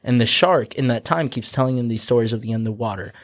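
A man's voice: medium pitch, fast, no echo, clean studio sound. A man casually retelling a folk tale on a podcast, swearing freely and acting out the characters' lines. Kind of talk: casual storytelling with crude humor.

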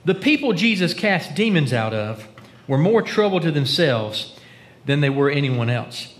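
A pastor delivers a sermon in a bright, high voice that swoops up and down freely, with a sing-song quality and a measured pace. He speaks to the congregation conversationally and poses questions to them, sinking to almost a whisper for dramatic quotes.

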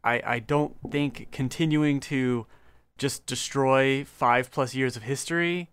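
A man's voice: medium pitch, steady tone, unhurried, fairly bright tone, smooth, dry recording. A young adult man co-hosting a podcast, talking in a casual, dry, slightly grumbling way. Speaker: podcast co-host.

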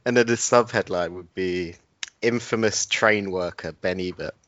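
Low-voiced podcast dude, teasing and joking, super dry lo-fi mic. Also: male voice, normal speed, fairly bright tone, dry recording. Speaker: podcast co-host. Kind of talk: casual podcast chat.

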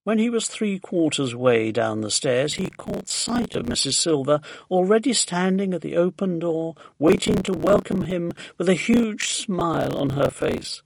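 A man narrating a children's storybook in a lively, expressive way. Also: a little high, measured pace, creaky, few pauses, dry recording. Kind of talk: storybook reading.

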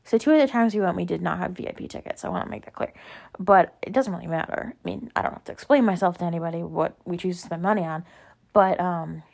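A young woman vlogging in a casual chat, gushing and talking quickly with lots of "like" and "literally", jumping higher and louder when she acts out quotes. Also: vocal fry. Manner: gushing, chatty, fillers like "like" and "literally".

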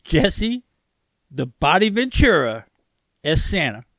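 A man's voice: on the high side, sing-song, slow pace, a bit bright, no room sound. A man co-hosting a casual podcast chat, stubborn and sarcastic, who swears freely and argues for fun. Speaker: podcast co-host.

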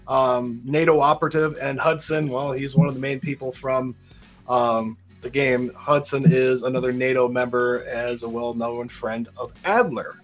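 A man with a Minnesota accent hosting a casual gaming podcast, rambling and repeating words as he talks. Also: a little high. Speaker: podcast host.

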